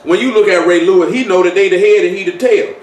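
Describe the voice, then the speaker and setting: This man has a high, darkish voice and talks fast while preaching an informal sermon. He keeps it conversational, asking many rhetorical questions and repeating phrases, and the mic sits far away in an echoey room.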